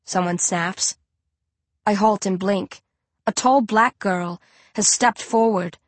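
A woman's voice: mid-range voice, slow pace, no echo. Woman reading an audiobook. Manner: even, storytelling. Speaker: audiobook narrator. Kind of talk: first-person audiobook narration.

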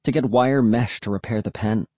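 A man's voice: medium pitch, normal speed, darkish tone, no room sound, close to an everyday voice. A man voicing a mother who speaks plainly and matter-of-factly.

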